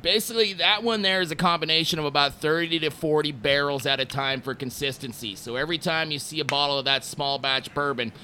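A man from Montreal, Canada, talking casually about his work at a distillery, telling relaxed stories with lots of fillers. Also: fairly high pitch, fast talker, hardly any pauses, slight background noise. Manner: relaxed storytelling with many fillers. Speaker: distillery brand representative. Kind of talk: casual interview talk.

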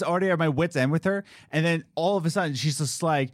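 A podcast host telling a story in a casual, animated way and acting out the people in it. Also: male voice, on the high side, fast, hardly any pauses, no room sound, clean studio sound. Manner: animated, acts out quoted voices.

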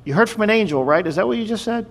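A man's voice: high voice, expressive, rapid-fire, vocal fry, big-room sound, voice pushed up, full character voice. A man putting on a doubtful servant. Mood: incredulous. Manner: incredulous, teasing questions. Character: doubtful male servant questioning his master.

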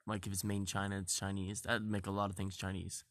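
A man's voice: low-pitched, monotone, fast talker, a bit bright. A young man in goofy, playful casual chat who laughs a lot. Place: blanket fort.

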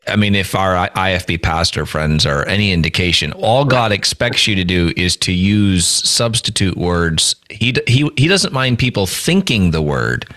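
A man's voice: low-pitched, animated, moderate pace, hardly any pauses, bright, forceful tone. A man hosting a podcast, slipping in dry joking remarks. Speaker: podcast host. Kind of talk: casual chat.

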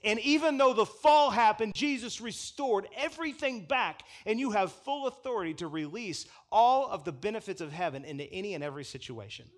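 High-pitched guy preaching, swoops all over the place, chuckles a lot, acts out little voices. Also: lively intonation, fairly quick, few pauses. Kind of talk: sermon. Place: church pulpit.

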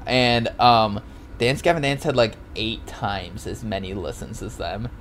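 A man's voice: fairly low pitch, unhurried, fairly bright tone, a little hiss or hum. A man co-hosting a podcast in loose, rambling casual chat, laughing often and swearing freely. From Oregon, US. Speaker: podcast co-host.

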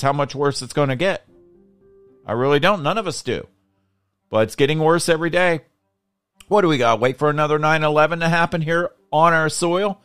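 A man's voice: fairly high pitch, brisk, a bit bright, clean tone, no echo, faint music behind. A man hosting a political show, giving a frustrated, indignant monologue and rallying listeners. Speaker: political podcast host. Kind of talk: angry political commentary monologue.

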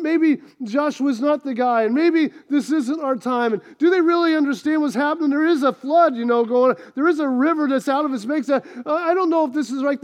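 A man preaching a sermon, telling stories with animated swings from loud outbursts to quiet asides. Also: very high voice. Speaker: pastor.

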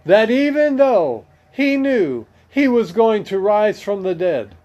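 A man teaching scripture, reading verses aloud and pausing to comment on them in a slow, deliberate way. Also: high voice, sing-song, darkish tone. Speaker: preacher.

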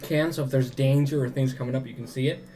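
A game master narrating a tabletop game, rambling with fillers. The pitch sits in the middle range. Faint guitar plays in the background. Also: fairly even intonation, fast, warm tone. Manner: rambling, many "like" and "um".

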